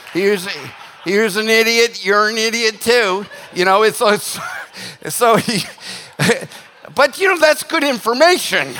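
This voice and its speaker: A man preaching to his congregation in a bright, forceful voice pitched a little high. He talks in an animated, joking way, breaking into quick voiced asides. A long reverb from the church hall hangs on every phrase. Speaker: pastor. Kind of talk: sermon.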